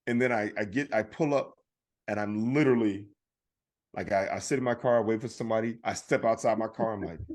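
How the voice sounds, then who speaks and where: A man's voice: lowish voice, a little mellow. A man co-hosting a podcast, telling a story in casual chat and acting out the other people's lines. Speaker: podcast co-host.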